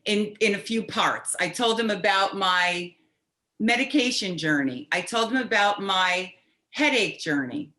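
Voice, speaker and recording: A middle-aged woman from New Jersey tells a personal story as a patient, halting and restarting, wry and animated. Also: mid-range voice. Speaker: patient telling her story.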